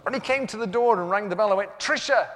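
A man's voice: high voice, very fast, slight background noise. A man preaching, telling a comic story and acting out the dialogue in a self-mocking way. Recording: echoey hall with long reverb.

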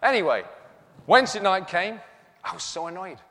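A man's voice: high voice, animated, moderate pace, creaky, bright, forceful tone. A man preaching, telling a comic story and acting out the dialogue in a self-mocking way. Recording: echoey hall with long reverb.

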